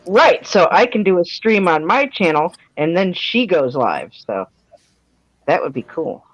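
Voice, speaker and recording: A woman's voice: fairly low pitch, very animated, a little slow, dry recording. Folksy chatty woman on a lo-fi stream. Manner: chatty, folksy, self-deprecating. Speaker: artist and livestream guest. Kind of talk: casual livestream chat. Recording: dry, dull lo-fi stream audio.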